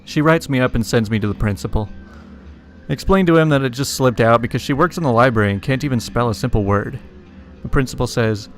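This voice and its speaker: A man's voice: mid-range voice, fairly quick. Man reading internet stories with wry asides. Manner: chuckles between stories, adds wry asides. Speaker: story reader. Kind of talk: casual narration of internet stories. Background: faint music.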